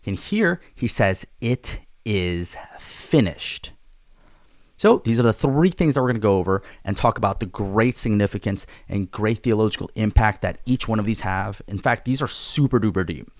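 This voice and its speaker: A man's voice: fairly low pitch, lively intonation, fairly quick, few pauses, dry recording, studio quality. A man teaching a casual Bible study video in a laid-back, chatty way. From Korea.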